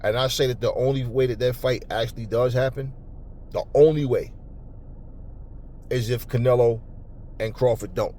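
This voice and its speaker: A man hosting a boxing talk channel, ranting angrily and profanely at commenters, stumbling over repeated words when worked up, then cooling into calmer talk. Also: normal speed, pauses often, a little hiss or hum. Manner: calmer and lower later on. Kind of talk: angry unscripted rant to camera.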